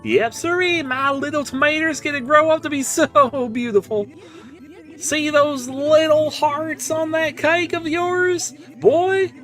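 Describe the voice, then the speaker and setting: A man's voice: extremely high pitch, a bit bright, pitched above the performer's own voice, full character voice. A man voicing a crude, rambling hillbilly tomato farmer with a put-on Southern drawl while streaming a game.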